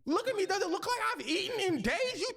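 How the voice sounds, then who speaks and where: A man's voice: very high-pitched, sing-song, fast talker, vocal fry, fairly bright tone, voice pushed up, heavily acted. A man voicing a starving young adopted girl who pleads desperately to be believed. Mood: pleading.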